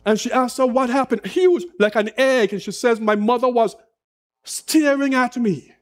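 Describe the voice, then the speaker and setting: A man preaching a sermon as pastor, slow and impassioned with dramatic pauses. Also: very high-pitched.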